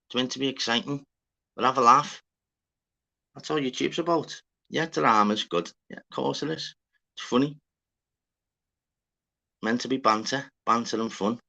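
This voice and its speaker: A man's voice: medium pitch, creaky, sharp tone. A man hosting a casual livestream, rambling, swearing and greeting viewers by name. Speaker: livestream host. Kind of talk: casual live chat.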